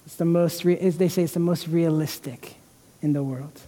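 High-voiced preaching man in a reverberant church. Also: fairly even intonation, moderate pace, warm tone. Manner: earnest, emotional preaching with repeated restarts. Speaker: pastor. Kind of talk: sermon. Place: church sanctuary.

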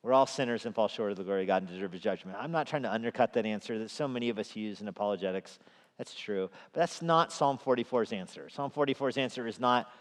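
Pastor, male, mid-range voice, animated sermon delivery, recorded in a reverberant sanctuary. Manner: animated, rising in pitch and volume when quoting scripture. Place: church sanctuary. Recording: echoey church hall reverb.

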